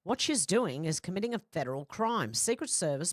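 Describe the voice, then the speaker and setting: A woman's voice: fairly low pitch, sing-song, a little fast, no echo, studio quality. Blunt woman reading comments. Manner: blunt, profane, chatty. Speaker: host. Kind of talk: casual livestream reading comments.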